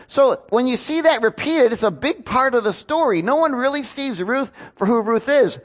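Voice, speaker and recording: A man's voice: extremely high pitch, lively intonation, moderate pace, few pauses. A male pastor preaching a casual sermon to a congregation, chatty, with joking asides and acted-out quotes. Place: church before a congregation.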